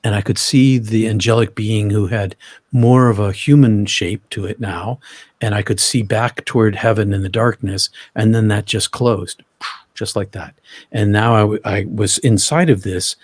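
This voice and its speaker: A man telling his own story as an interview guest, halting, often restarting and repeating words. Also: on the low side, fairly even intonation, breathy edge, dry recording.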